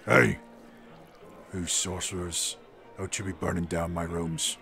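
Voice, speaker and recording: Man as a terse, gruff innkeeper, lower than his own voice, short grudging replies. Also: fairly even intonation, takes it slowly, pushed and bright, soft background music, heavily acted. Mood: warning. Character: curt, gruff male tavern keeper.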